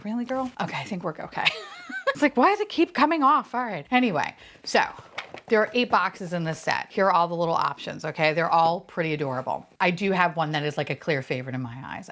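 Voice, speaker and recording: Excitable woman vlogger, casual chat, lively bouncing pitch, quick squeals. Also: a little hiss or hum. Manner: bubbly, swears, frequent laughs and squeals. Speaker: unboxing vlogger.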